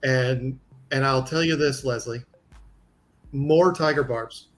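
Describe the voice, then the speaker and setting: A man's voice: medium pitch, slow pace. A man talking casually and bluntly about aquarium fish and online channels, laughing often. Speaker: aquarium YouTuber. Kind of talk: casual live-stream chat.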